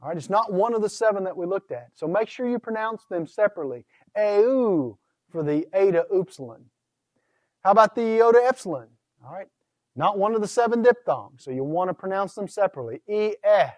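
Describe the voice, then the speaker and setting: A man's voice: sits high, a little mellow, no room sound. A man teaching a recorded course lecture on Greek pronunciation, posing questions to his students and answering them himself. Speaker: Greek instructor.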